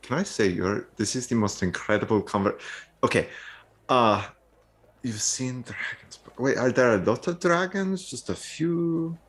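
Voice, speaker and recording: A man's voice: medium pitch, measured pace. A man playing his character in a tabletop game, asking bewildered questions. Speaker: player.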